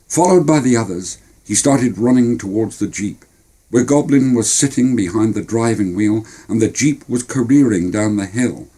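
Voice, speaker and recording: Older Cornish man, wry storyteller, dark husky voice. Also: on the low side, animated, moderate pace. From Cornwall. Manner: wry, plainspoken. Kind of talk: storytelling memoir narration.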